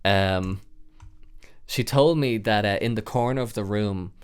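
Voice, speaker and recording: This young man in his twenties hosts a podcast and casually shares a wild personal tale, full of fillers and cursing, growing loud and animated at tense moments. He speaks at a measured pace in a lowish, clear, resonant voice.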